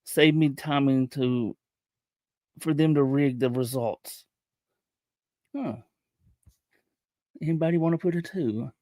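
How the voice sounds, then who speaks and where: A man hosting a livestream, talking casually in a halting way, often repeating words and restarting his sentences. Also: fairly high pitch, warm tone, no echo. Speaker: livestream host.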